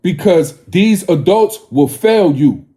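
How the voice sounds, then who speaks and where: A man's voice: high-pitched, lively intonation, slow pace, dark tone. A man in his forties delivering a confrontational, preachy monologue to his viewers, profane and scolding. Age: 40s. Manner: scolding, lecturing tone.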